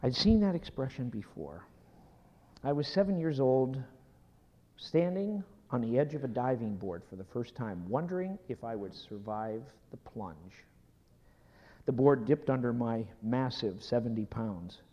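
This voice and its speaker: A male pastor delivers a sermon at an unhurried pace, his voice swinging widely in pitch from lifted, emphatic phrases down to near-whispers. The sound is somewhat dull and carries a long reverb, as if picked up in a large hall. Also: animated. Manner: slow storytelling, dropping to a soft whisper.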